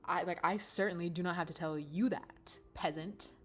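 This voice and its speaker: A woman's voice: lowish voice, fairly even intonation, normal speed, slight background noise, close to an everyday voice. A woman voicing an older widowed queen mother, haughty and defensive, stammering when pressed, in a bedtime story.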